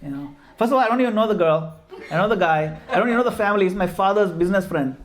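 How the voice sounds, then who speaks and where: A man's voice: sits high, expressive, rapid-fire. A middle-aged man from Gujarat giving an informal devotional talk, telling stories and laughing at himself. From Gujarat, India. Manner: storytelling, laughs at himself, mixes in Hindi and Sanskrit verses. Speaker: speaker at a devotional home program.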